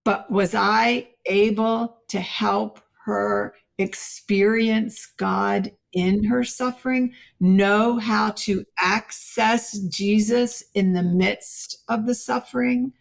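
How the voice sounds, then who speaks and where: A middle-aged woman, a podcast guest, telling a personal faith story in an earnest, animated way and acting out quoted dialogue. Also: mid-range voice, slow, creaky, few pauses.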